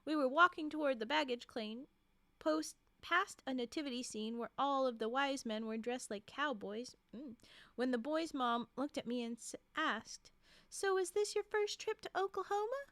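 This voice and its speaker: A woman's voice: high voice, normal speed, fairly bright tone, no room sound. A woman streamer reading a storybook aloud, breaking off for giggly, chatty asides.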